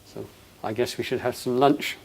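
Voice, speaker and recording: A man giving a passionate, emphatic talk to an audience, his voice rising loud on quoted lines. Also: medium pitch, steady tone, moderate pace, vocal fry, a little hiss or hum. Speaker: speaker.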